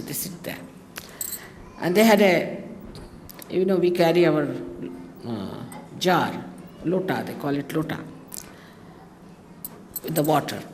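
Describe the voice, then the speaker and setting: Speaking in a somewhat low, slightly mellow voice, an Indian woman gives a talk built on rambling stories, frequently breaking off into exclamations and side comments. The sound carries a long, big-hall reverb, with faint noise beneath it.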